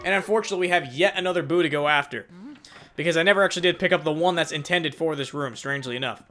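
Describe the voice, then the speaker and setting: A young man rambling excitably and self-deprecatingly through his commentary on a game. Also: on the high side, racing, faint music behind. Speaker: let's play host. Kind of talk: casual gameplay commentary.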